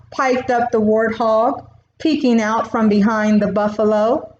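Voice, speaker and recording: A woman reading a children's storybook aloud in a slow, expressive way. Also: a little high. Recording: roomy, dull recording.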